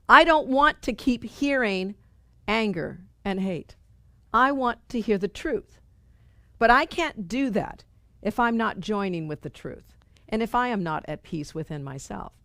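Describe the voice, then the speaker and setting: A middle-aged woman teaching a spiritual study group in an earnest, conversational way, circling back to repeat her key phrases. Her voice sits at an ordinary pitch and sounds dry and close, with little room around it. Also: a bit bright, no echo.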